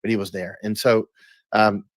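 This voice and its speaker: A man's voice: lowish voice, level tone, normal speed, no echo. Emphatic male interview guest, dry sound. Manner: emphatic, with many restarts and repeated words. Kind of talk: casual interview talk.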